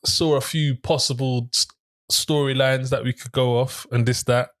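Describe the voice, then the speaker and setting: A man's voice: mid-range voice, fairly even intonation. A young man co-hosting a movie review show, with a mid-range voice. He rambles through his thoughts, stopping and restarting as he goes. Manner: rambling, halting, full of restarts. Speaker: co-host of a film review show. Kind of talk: casual chat.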